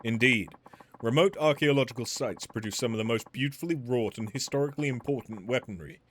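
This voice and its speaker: A man voicing a calm, courteous master weapon smith in a video game, with formal, measured phrasing. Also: mid-range voice, slight background noise, lightly acted. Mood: composed. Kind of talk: reading game dialogue aloud.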